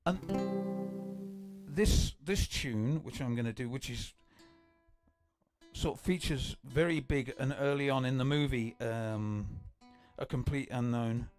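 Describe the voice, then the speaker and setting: An older English man hosting a livestream, chatting in a rambling, excitable way with many restarts between songs. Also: mid-range voice, measured pace, long pauses. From England. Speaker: livestream host and guitarist. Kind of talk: casual chat between songs. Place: home livestream. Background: acoustic guitar.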